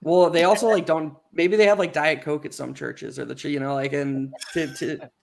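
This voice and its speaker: A man co-hosting a casual sports chat, talking in a halting, rambling way with many fillers and false starts. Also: on the high side, fairly even intonation, creaky, a little hiss or hum. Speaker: co-host.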